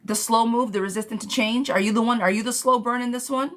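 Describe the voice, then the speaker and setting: A woman's voice: on the high side, fairly even intonation, quick pace, fairly bright tone. A woman giving a live tarot reading, talking bluntly to viewers, swearing freely and calling them sweet pet names. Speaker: tarot reader.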